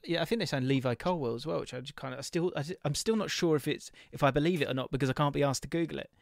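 Gravelly man hosting football chat. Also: on the high side, rapid-fire, dry recording, clean studio sound. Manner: rambling, distracted, reads comments while talking. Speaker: podcast co-host.

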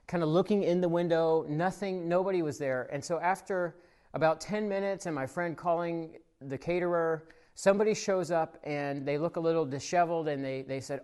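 A man, a pastor, giving a casual, conversational sermon at a church service recorded for online viewers. He tells stories with frequent fillers, growing animated in the telling and softening when reflecting. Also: a little high, moderate pace, smooth. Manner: grows animated and louder in the story, soft when reflecting.

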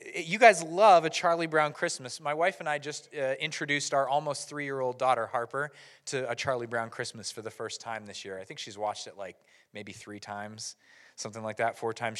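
A man in his thirties giving a playful, animated Christmas sermon to a church audience. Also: medium pitch. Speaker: pastor. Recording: live hall reverb.

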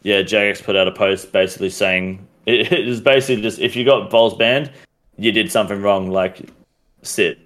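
Guesting on a gaming podcast, an Australian man who streams games speaks at a moderate pace in a fairly low, slightly bright voice. He's casual but blunt, ranting with lots of swearing.

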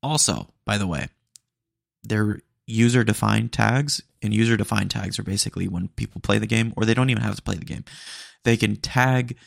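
With a lowish voice and vocal fry, a young podcast host tells retail stories at normal speed in a chatty, slangy style full of fillers. The recording is dry and studio quality.

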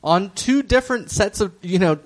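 A man co-hosting a podcast, summarizing a TV episode in relaxed, dry chat. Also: sits high, moderate pace. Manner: easygoing, dry, laughs along. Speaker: podcast co-host recapping a TV episode. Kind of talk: casual chat.

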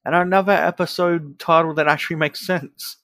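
A man's voice: on the high side, steady tone, fairly quick, fairly bright tone, no echo. Tired-sounding man co-hosting. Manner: self-deprecating, tired and offhand. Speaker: podcast co-host. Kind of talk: casual chat.

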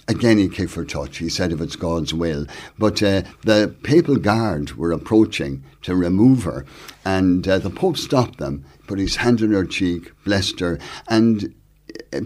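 Very deep male voice, lively anecdote teller, acts out quotes. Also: measured pace. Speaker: guest. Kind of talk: conversational interview.

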